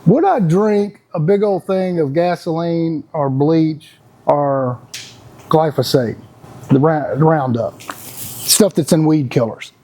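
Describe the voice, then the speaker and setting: A man's voice: fairly high pitch, slow pace, mellow. A man, talking in a casual, blunt, folksy monologue as a podcast host. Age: 50s. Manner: folksy, blunt, laughs often.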